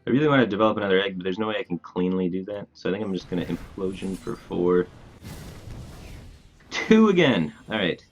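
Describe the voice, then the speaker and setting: In a live stream of a card game, a man with a deep, fairly even voice thinks aloud, planning his moves in quick bursts. The audio is dull, and he chats with his viewers in a laid-back, casual way as he gives gameplay commentary.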